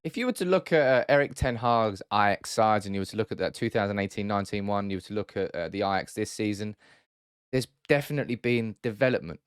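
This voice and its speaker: A man's voice: lowish voice, animated, fast, clean tone, no echo, studio quality. A man hosting a football analysis video, talking through tactics in a chatty way with frequent restarts and self-corrections. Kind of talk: casual tactical breakdown.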